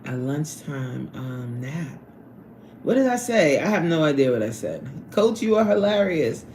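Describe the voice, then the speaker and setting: A woman hosting a casual livestream from her workplace on a lunch break, reading out chat and laughing often in an animated way. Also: unhurried, reverberant, a little hiss or hum. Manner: animated, laughs often, swoops up high when excited.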